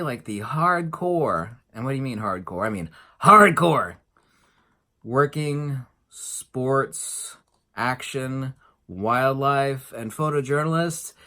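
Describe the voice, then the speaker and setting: A man's voice: mid-range voice, fairly bright tone. A middle-aged man giving an emphatic, sarcastic monologue as a photography vlogger, with frequent fillers and restarts. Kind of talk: opinionated casual monologue.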